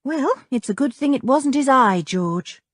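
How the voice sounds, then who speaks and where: A woman voicing a calm, sensible middle-aged mother in a storybook, brisk and matter-of-fact. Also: sits high, no room sound, studio quality, pitched above the performer's own voice.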